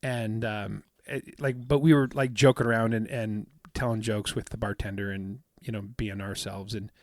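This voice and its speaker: A man's voice: on the low side, steady tone, moderate pace, darkish tone, dry recording, studio quality. A man co-hosting a podcast, telling a long story in a rambling, casual way with many fillers and acted-out quotes. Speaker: podcast co-host. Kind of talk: casual chat.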